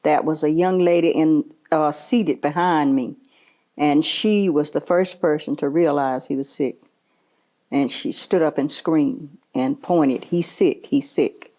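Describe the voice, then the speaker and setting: A woman's voice: low-pitched, unhurried, dark tone. An older woman from the American South, being interviewed for an oral history, earnestly recalling past events and often affirming with short repeated replies.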